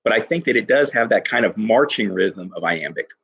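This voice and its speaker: A male teacher giving an enthusiastic poetry lesson to his class, reading lines slowly and stressing each syllable. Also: on the low side, lively intonation, creaky, a bit bright, breathy edge, lo-fi sound.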